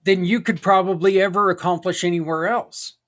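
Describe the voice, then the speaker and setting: A man's voice: sits high, steady tone, fairly quick, fairly bright tone. A middle-aged man hosting a podcast in a casual, folksy, rambling monologue. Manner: conversational, folksy, rambling with asides. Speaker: podcast host.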